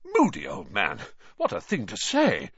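Brief: man as a jolly eager official, swooping lively pitch. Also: measured pace, husky, no room sound, full character voice. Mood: jovial. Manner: bouncy, jovial. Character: hearty excitable male sports official. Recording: dull, slightly lo-fi.

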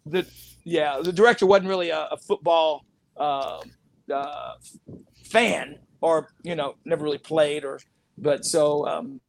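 A man giving an animated interview, telling stories, laughing often and acting out what people said. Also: on the high side, measured pace, gravelly. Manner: animated storyteller, laughs often, acts out quotes. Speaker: interview guest, actor. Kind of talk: casual storytelling interview.

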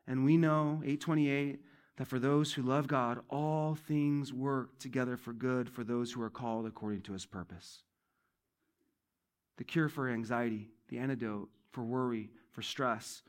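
A male pastor giving a sermon in a church, talking conversationally, repeating key phrases and swinging between loud emphasis and quiet asides. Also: mid-range voice.

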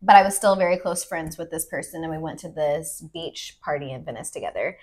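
A woman in her twenties, a podcast guest, telling a story in a lively, laughing casual chat. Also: sits low, a little fast. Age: 20s.

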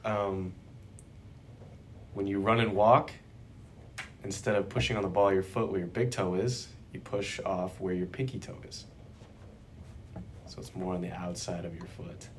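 Young dude cohosting, low voice, sarcastic and swears, light noise in the background. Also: male voice, fairly even intonation, moderate pace, pauses often. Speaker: podcast co-host. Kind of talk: casual chat.

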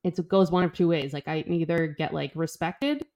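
A young woman co-hosting a podcast, telling a story in an animated, casual way, full of "like" and the odd swear. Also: sits low, moderate pace. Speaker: podcast co-host. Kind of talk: casual chat.

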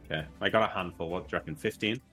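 A man's voice: deep voice, rapid-fire, fairly bright tone, faint music behind. A man playing a tabletop game over an online voice call, chatty and thinking aloud as he talks. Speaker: player. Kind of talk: casual tabletop game play.

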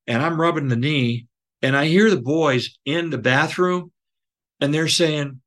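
Slow-talking earnest man. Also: fairly high pitch, fairly bright tone. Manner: halting, with many fillers and restarts; earnest, emotional. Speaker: podcast guest. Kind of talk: personal storytelling.

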